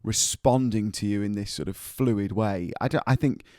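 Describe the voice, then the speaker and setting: A man co-hosting a podcast, chatting casually and joking with quick laughs about life as a touring musician. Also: lowish voice, warm tone, no room sound, clean studio sound. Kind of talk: casual chat.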